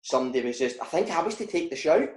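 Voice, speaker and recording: A Scottish footballer telling pub stories in casual chat, animated and laughing, with lots of "mate" and "right". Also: male voice, a little high, fast, reverberant. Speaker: footballer guest.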